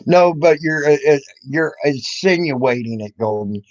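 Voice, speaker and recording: A man on YouTube, his voice on the high side, animated and a little mellow, speaks without hurry on a dull lo-fi recording with no echo. His angry rant is confrontational and mocking toward other people, with swearing throughout.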